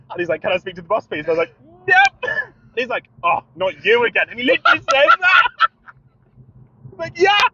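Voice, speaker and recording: A British man co-hosting a podcast, telling an animated story with laughter and acting out both sides of a phone call. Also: very high voice, normal speed, long pauses. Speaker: podcast co-host. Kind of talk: casual storytelling chat. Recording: dull lo-fi sound.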